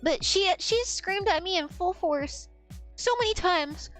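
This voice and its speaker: A young adult woman telling a story on a livestream in a casual, animated way, swearing and laughing as she talks. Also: very high-pitched, unhurried, soft background music. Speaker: streamer.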